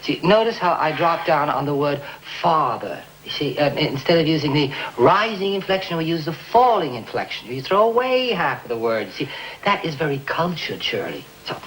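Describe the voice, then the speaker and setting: A know-it-all diction drill sergeant. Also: male voice, a little high, big pitch swings, normal speed, fairly bright tone, slight background noise, poor audio. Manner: over-enunciated demonstration, then brash opinions. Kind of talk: 1970s TV movie acting.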